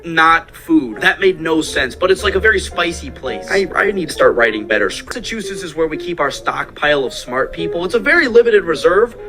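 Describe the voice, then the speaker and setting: A man's voice: a little high, expressive, a little fast, hardly any pauses, sharp tone. A man giving comedic scripted narration for an explainer video, with sarcastic asides and jokes. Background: background music.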